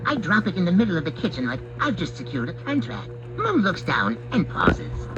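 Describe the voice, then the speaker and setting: A man telling comic stories in the first person as a mischievous pet cat, in a wry, mock-serious, deadpan manner. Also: high voice, a little fast, highs cut off. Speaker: narrator speaking as a pet cat. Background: background music.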